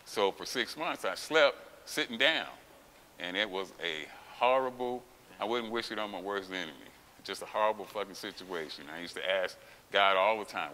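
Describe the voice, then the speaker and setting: A man's voice: deep voice, moderate pace. Profane, emphatic man in a gym. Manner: profane, emphatic, acts out quotes with loud outbursts. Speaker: guest, former champion weightlifter. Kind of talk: candid interview storytelling. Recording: long reverb with faint hiss.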